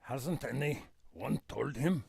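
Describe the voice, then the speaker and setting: A man voicing a dismissive supervisor in a satirical cartoon, with a gravelly, husky voice. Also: medium pitch, animated, extremely slow, darkish tone, full character voice.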